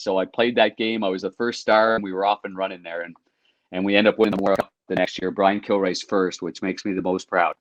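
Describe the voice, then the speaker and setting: A middle-aged man, a former hockey goalie, telling lively anecdotes on a podcast and acting out quotes. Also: lowish voice, quick pace, no echo, dull audio. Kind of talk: casual storytelling.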